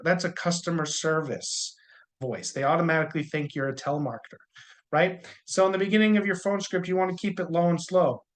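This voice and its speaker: Man coaching with a higher voice. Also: steady tone, brisk. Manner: jokey, conversational, uses corny humor. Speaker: insurance sales trainer. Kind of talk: casual training talk.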